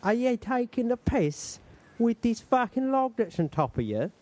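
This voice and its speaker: A man's voice: very high-pitched, sing-song, moderate pace, a little mellow, voice pushed up. A man putting on a crude, scolding older male butler. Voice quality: rough, swearing.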